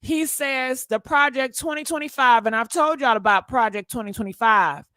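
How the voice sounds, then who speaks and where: A woman hosting a gossip channel, giving blunt, animated casual commentary straight to her viewers. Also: high voice, normal speed, dry recording.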